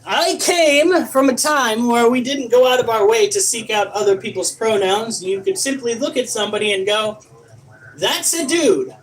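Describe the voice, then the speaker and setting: A man's voice: very high voice, normal speed, hardly any pauses, poor audio. A man chatting casually in a home vlog, sarcastic and grumbling, joking with his wife. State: panting after push-ups. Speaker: vlogger.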